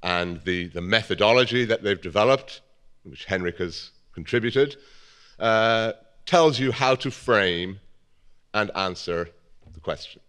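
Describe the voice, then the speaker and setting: A man with a British accent giving a measured, thoughtful academic conference talk, with fillers and restarts. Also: on the low side, fairly bright tone, smooth. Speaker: conference speaker.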